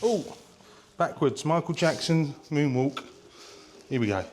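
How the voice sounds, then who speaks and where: A man vlogging a casual walking tour of an open-air museum, chatty and excitable, talking straight to his viewers. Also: on the high side, a little slow, a little hiss or hum. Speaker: travel vlogger. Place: visiting an open-air museum, indoors and outdoors.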